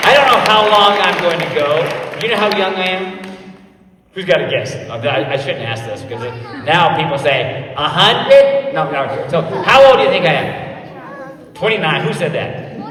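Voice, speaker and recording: A man in his sixties, a police officer, telling stories to a scout group with lively acted voices. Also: fairly high pitch. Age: 60s. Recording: echoey hall from far off.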